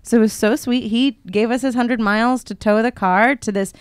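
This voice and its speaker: A woman's voice: a little high, moderate pace, smooth, no room sound, clean studio sound. A woman co-hosting a podcast, telling a long story in casual chat and acting out the people in it. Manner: animated storyteller who acts out the people in her story. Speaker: podcast co-host. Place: podcast studio.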